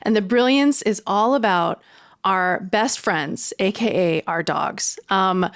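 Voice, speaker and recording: Brief: woman podcast producer, earnest and chatty, lots of filler words, mid pitch. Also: slow pace. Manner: earnest, many ums and uhs. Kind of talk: casual show announcement.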